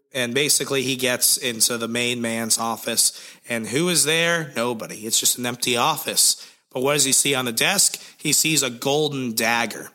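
A man recapping comics as a podcast co-host, laid-back and sarcastic, slightly hoarse, swearing casually. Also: mid-range voice, bright, forceful tone. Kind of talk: casual chat.

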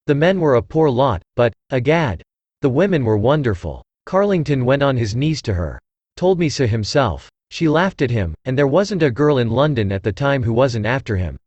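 A synthesized male voice reading the part of a gruff, blustering old aristocratic uncle who grumbles bluntly. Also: medium pitch, a little mellow, no room sound, dull audio. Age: older.

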